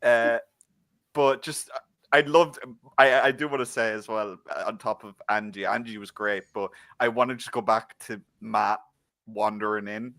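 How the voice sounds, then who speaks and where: An Irish man co-hosting a casual show review, talking in animated, rambling bursts full of restarts. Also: fairly low pitch, moderate pace, no room sound. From Ireland. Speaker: co-host.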